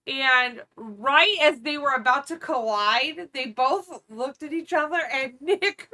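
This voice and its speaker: A woman in her thirties co-hosting a podcast, telling funny stories in a casual, animated way and laughing often. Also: high voice, takes it slowly. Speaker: podcast co-host. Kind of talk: casual storytelling chat.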